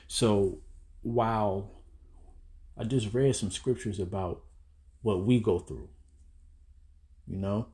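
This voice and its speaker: A man's voice: on the low side, darkish tone. A man giving a casual sermon while seated, reading verses and explaining them in loose, conversational street-style talk. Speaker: preacher teaching scripture. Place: indoors, seated.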